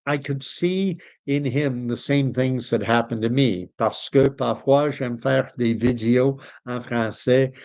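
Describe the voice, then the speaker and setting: A man from Canada hosts a casual livestream and talks at an even middle pitch. He rambles, breaks off and restarts as he reads out viewer comments. The sound is dry and close, with no room echo. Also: unhurried, hardly any pauses. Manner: rambling, self-correcting, reads comments aloud. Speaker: livestream host.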